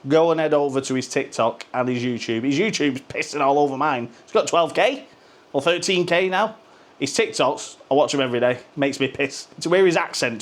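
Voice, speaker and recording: Sweary, sarcastic Mancunian football fan ranting. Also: male voice, mid-range voice. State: sweating from the heat. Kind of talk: ranting casual monologue to camera.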